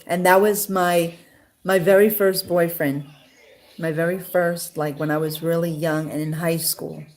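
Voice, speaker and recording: A woman's voice: on the low side, fairly even intonation, a little slow, darkish tone. A woman from Queens, New York, telling her love story in a casual, rambling way, full of fillers and restarts and close to tears at times. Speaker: interviewee sharing her love life.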